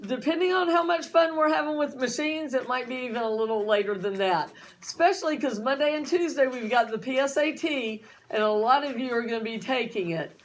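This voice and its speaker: A woman's voice: high voice, animated, brisk. A woman teacher giving a chatty classroom lecture, often asking her students questions.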